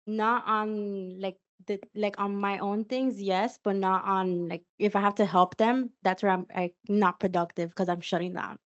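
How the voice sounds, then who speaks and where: A woman's voice: mid-range voice, fairly even intonation, measured pace, few pauses, muffled recording. A woman in a workshop group answering questions frankly, with some hesitant fillers. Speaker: workshop participant. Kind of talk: candid answers in a group session.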